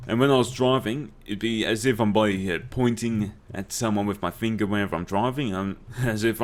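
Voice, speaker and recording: A man's voice: fairly low pitch, fairly quick, hardly any pauses. Young man spinning yarns. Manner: swears freely, laughs through his stories. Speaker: let's play host. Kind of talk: casual storytelling over gameplay.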